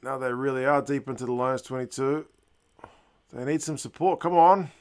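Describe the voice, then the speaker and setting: A man hosting a live rugby watch-along, giving chatty play-by-play that bursts into loud, excited shouts and mild swearing. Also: medium pitch, moderate pace, smooth. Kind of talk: live sports reaction commentary.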